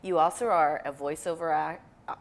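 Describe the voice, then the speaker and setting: A woman's voice: low-pitched, normal speed. A woman hosting a casual interview, encouraging her guest and affirming often. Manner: encouraging, affirming with frequent mm-hmms. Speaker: interview host.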